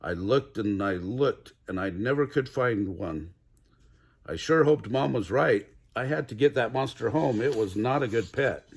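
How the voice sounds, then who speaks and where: A man's voice: medium pitch, expressive, unhurried, vocal fry, breathy edge. An older man reading a children's picture book aloud, chuckling now and then as he reads. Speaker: storybook reader.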